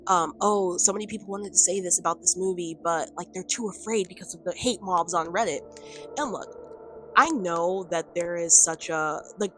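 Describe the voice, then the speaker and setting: A woman's voice: on the low side, fairly bright tone. A woman talking casually to camera in a commentary vlog, rambling with lots of fillers and the odd laugh. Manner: rambling, filler-heavy with frequent "like" and "um"; chatty, laughs between points. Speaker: video commentator. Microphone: camera on a stand.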